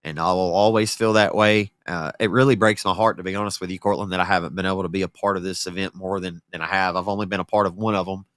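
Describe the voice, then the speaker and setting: Emotional, lower-voiced podcast co-host man. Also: steady tone, fast, few pauses, a bit bright, no echo, studio quality. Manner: heartfelt, stumbling over words. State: emotional, close to tears. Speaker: podcast co-host and race announcer. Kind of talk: casual podcast chat.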